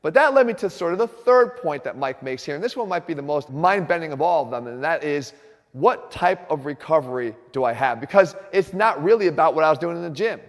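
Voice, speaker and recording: A man's voice: on the high side, animated, a little fast, big-room sound. A man hosting an instructional fitness video, speaking earnestly and directly to his viewers.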